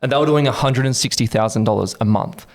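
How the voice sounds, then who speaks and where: A man in his twenties with an Australian accent, a podcast guest telling his story in a casual interview, animated and acting out quotes. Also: mid-range voice, fast. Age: 20s.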